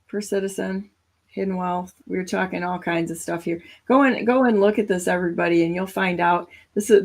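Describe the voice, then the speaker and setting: Female co-host, mid-pitched voice, casual and slightly halting, political talk show.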